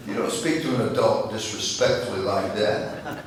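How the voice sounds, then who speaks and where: A man's voice: lowish voice, moderate pace, crowd noise. An older man giving a storytelling speech to a breakfast gathering, folksy, acting out the voices in his tales. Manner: folksy, acts out dialogue in stories. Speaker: guest speaker. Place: chapel hall. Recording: echoey room from far off with faint noise.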